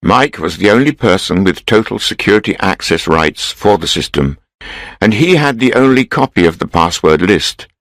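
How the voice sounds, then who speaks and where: A man reading a story aloud in a steady, measured way for English learners. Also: low-pitched, dry recording, poor audio. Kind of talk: scripted storybook narration.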